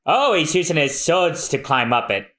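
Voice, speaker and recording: Upbeat male co-host, bright tone, lively pitch, reads comics aloud with voices. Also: normal speed. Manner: lively, laughing commentary. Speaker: podcast co-host.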